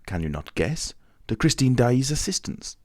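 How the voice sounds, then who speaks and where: In a studio-quality audiobook reading with no echo, a man voices Raoul, a young, impetuous nobleman who is agitated, impatient and feverish, pleading with urgency. His mid-range, slightly mellow voice swings widely in pitch at normal speed, pitched above his own voice but still close to everyday speech.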